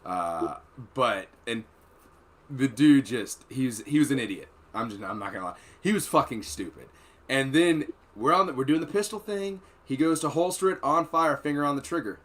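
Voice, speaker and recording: A man's voice: medium pitch, moderate pace. A man and former Marine telling profane, rambling war stories in a casual podcast chat. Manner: profane, rambling, animated storytelling. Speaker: podcast host.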